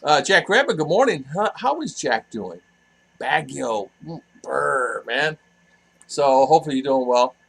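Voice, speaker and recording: A man's voice: mid-range voice, expressive, measured pace, vocal fry, husky, poor audio. An older man hosting a casual livestream, chatty and laughing easily as he greets viewers by name. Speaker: livestream host. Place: home in a cool hill town.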